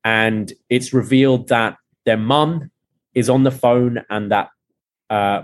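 A man hosting a podcast, retelling a TV episode scene by scene and quoting the characters' lines in a lively way. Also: medium pitch. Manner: animated retelling with quoted lines. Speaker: podcast host recapping a TV episode. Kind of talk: casual recap, reading out scene dialogue.

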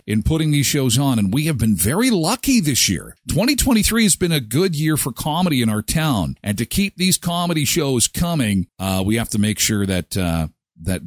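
A man's voice: mid-range voice, no echo, clean studio sound. A man from Canada hosting a casual live morning show, chatting and reading sponsor spots. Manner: chatty and animated, jumps into quoted voices.

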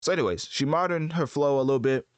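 A man giving casual commentary as host, rambling and correcting himself in relaxed slang. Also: fairly high pitch, fast, clear, resonant tone, no echo. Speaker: host ranking rappers.

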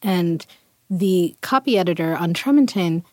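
A woman co-hosting a podcast, a published writer speaking in a measured, matter-of-fact way. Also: lowish voice, expressive, no room sound. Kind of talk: casual podcast discussion.

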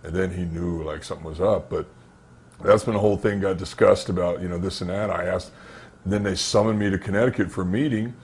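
With a low, slightly rough voice and a somewhat fast pace, this man tells interview stories from his days as a pro wrestler. He brings them to life by performing the dialogue he quotes.

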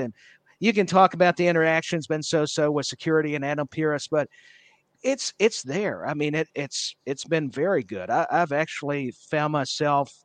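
A man's voice: fairly high pitch, no room sound. A man co-hosting a wrestling podcast, talking at length with enthusiasm, full of fillers and repeated words. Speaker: podcast co-host. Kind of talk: casual wrestling chat.

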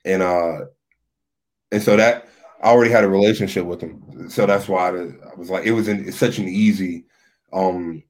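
Deep-voiced man telling his story. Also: normal speed. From Philadelphia area. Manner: relaxed storytelling, frequent "like" fillers. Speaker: podcast guest, youth minister. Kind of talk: casual podcast conversation.

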